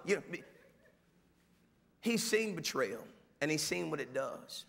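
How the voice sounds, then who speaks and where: A male pastor preaching a sermon in a church, animated, dropping to quiet asides and rising to shouted mimicry. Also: on the high side, slow pace, vocal fry, long reverb tail. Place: church sanctuary.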